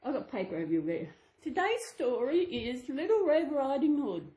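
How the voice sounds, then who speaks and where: A woman's voice: sits high, big pitch swings, moderate pace, warm tone. A woman channel host reading a children's storybook aloud to her dolls, sing-song with chatty asides. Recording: echoey room.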